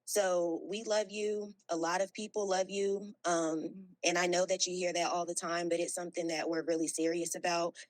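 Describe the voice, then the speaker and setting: A woman calling in to a livestream, speaking in a calm, earnest, encouraging way. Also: fairly low pitch, normal speed, hardly any pauses, dry recording, poor audio. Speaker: caller. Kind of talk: supportive call-in talk.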